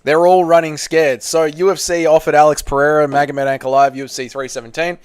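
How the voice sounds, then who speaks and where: A man's voice: a little high, flat delivery, fairly quick, smooth, no room sound, clean studio sound. Crude Australian man reading live chat. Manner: reads viewer chat aloud, crude banter. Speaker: channel host.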